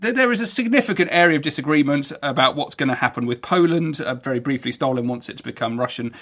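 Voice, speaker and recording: A man hosting a history podcast, explaining events in an enthusiastic, conversational way with frequent halting restarts. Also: medium pitch, animated, a bit bright. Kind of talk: educational podcast narration.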